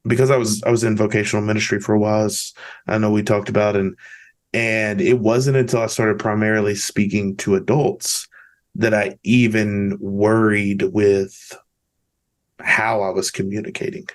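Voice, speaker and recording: A man's voice: lowish voice, little pitch movement, moderate pace. A man hosting a podcast, chatting casually and candidly, rambling with frequent restarts. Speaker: podcast host. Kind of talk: casual conversational interview.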